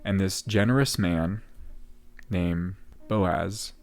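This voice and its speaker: A man co-hosting a casual podcast talk about a play, retelling scenes with halting restarts. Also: deep voice, fairly even intonation, vocal fry, faint music behind. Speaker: podcast co-host.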